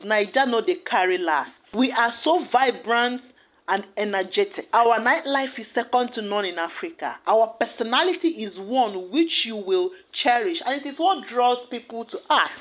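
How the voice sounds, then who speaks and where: A Nigerian woman hosting an explainer video, talking in an emphatic, playful way with pidgin asides. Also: a little high. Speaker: host. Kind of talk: explainer commentary.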